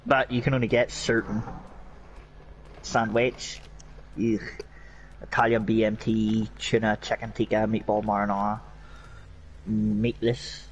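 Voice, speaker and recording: A man's voice: fairly low pitch, flat delivery, measured pace, pauses often, slight background noise, low-quality recording. A young Northern Irish man chatting casually while gaming, sweary and rambling. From Northern Ireland. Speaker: gaming streamer.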